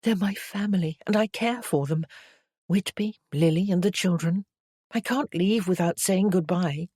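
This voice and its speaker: A woman voicing a young lady in love in a period romance, soft and earnest, a little higher than her narration. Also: normal speed, slightly rough, no room sound, clean studio sound. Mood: tender.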